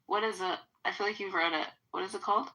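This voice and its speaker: A woman in casual podcast chat, giggly and animated. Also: medium pitch, quick pace, low-quality recording.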